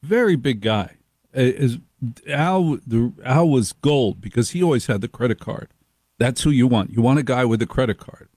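A middle-aged male radio host spinning an animated, sarcastic monologue and jumping between voices. His pitch is ordinary for a man. The sound is close and dry, with little room in it. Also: normal speed, no room sound.

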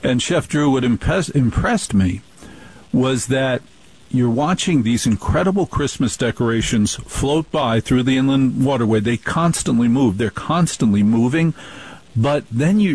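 A man's voice: medium pitch, expressive, moderate pace, darkish tone, slightly rough, dry recording, rough recording. A man hosting a radio show, asking questions with emphatic enthusiasm. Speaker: radio host. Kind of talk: radio interview.

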